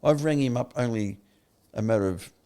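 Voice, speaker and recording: An older man with an Australian accent, a podcast guest telling his story candidly, blunt and quick to swear. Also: medium pitch, clean tone. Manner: blunt, swears freely, animated retelling.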